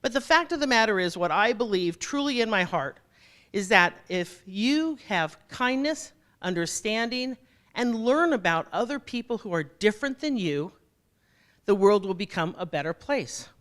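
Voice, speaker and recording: Woman keynote speaker, lively swooping pitch, jokey, talks straight to the audience. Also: moderate pace. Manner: animated, jokey, addresses audience directly. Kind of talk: motivational keynote talk.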